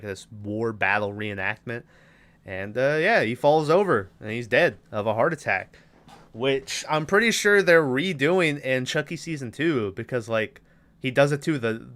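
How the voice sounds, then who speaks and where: Young male podcast host, crisp and bright, loose profane recap with offhand character voices. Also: mid-range voice. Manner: loose, profane plot retelling with quick put-on character voices. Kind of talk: casual chat.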